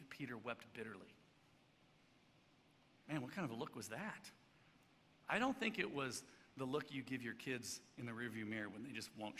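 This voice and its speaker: A man preaching a sermon as pastor, swinging between loud emphatic stretches and hushed, soft passages. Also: mid-range voice, creaky. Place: church sanctuary. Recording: church hall reverb, faint background noise.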